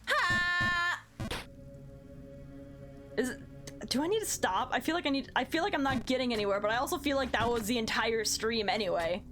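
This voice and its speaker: A woman live-streaming a game, counting her jumps out loud, yelping when she falls and joking with her chat. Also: fairly high pitch, animated, fast. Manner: counts aloud while playing, yelps at failures; self-mocking, playful chatter with chat. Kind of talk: live gameplay commentary. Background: background music.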